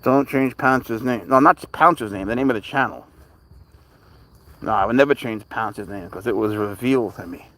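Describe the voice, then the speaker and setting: A man's voice: fairly low pitch, normal speed. A man chatting casually on a live stream while walking his leashed cat outdoors, rambling and talking to both his viewers and the cat. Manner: relaxed, rambling, talks to his cat and chat. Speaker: cat channel livestreamer.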